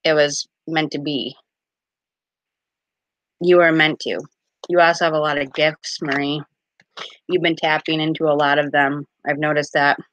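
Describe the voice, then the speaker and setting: A woman's voice: sits low, level tone, unhurried, pauses often, fairly bright tone, slight background noise. A woman casually chatting on a live stream as a card reader, giggly and full of fillers.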